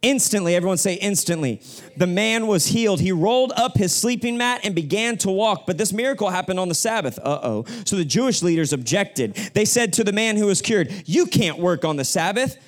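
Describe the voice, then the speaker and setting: A man's voice: high voice, expressive, brisk. A young male pastor preaching a sermon in a church sanctuary. He talks casually and with slang, and prompts the congregation to repeat phrases back to him.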